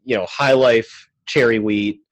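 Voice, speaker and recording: A man's voice: mid-range voice, measured pace. Easygoing male guest, rambling chat. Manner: relaxed, rambling, heavy use of "like". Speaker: guitarist and music teacher, guest. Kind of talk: casual chat. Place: music classroom, remote call. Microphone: USB microphone.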